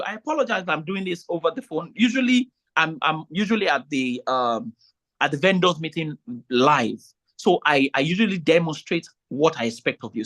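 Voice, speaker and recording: Nigerian woman, casual talk to vendors, animated and pleading, lively swooping pitch. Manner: animated and pleading, with many restarts. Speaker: host of vendors meetings.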